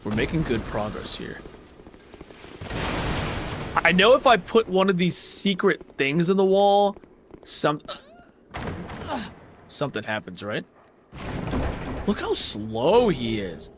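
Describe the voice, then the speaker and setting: A young man live-streaming a video game, swinging from low mutters to sudden yelps and shouts. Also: big pitch swings, slow, pauses often. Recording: noisy background.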